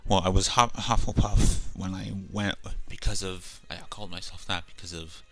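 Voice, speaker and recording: A man's voice: low-pitched, fairly even intonation, normal speed, fairly bright tone. A young man from Canada streaming a game, rambling casually, stumbling over his words and swearing freely as he corrects himself. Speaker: let's play streamer.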